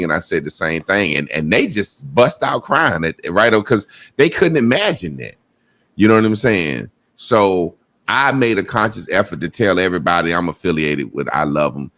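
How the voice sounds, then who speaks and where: A man's voice: sits low, fairly bright tone. A man hosting a podcast, talking candidly and rambling, often checking in with "you know what I'm saying?". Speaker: podcast host. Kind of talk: casual chat.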